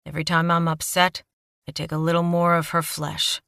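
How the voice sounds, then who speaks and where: A woman's voice: fairly low pitch, monotone, fairly quick, clear, resonant tone, dry recording. A woman voicing an icy young male killer. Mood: icy menace. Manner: sneering, icy, hushed threats.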